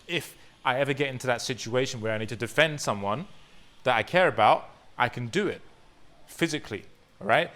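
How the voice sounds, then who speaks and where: A young male fitness coach, medium-pitched and a bit bright, gives an emphatic motivational course lesson. He is earnest and keeps checking in with tag questions like "right?".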